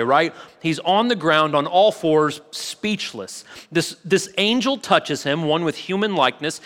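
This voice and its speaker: A pastor delivers a sermon in a high-pitched male voice. He reads scripture aloud and then unpacks it in plain, conversational terms, sometimes stumbling over repeated words as he works through a thought. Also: a bit bright, long reverb tail. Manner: conversational preaching with scripture readings.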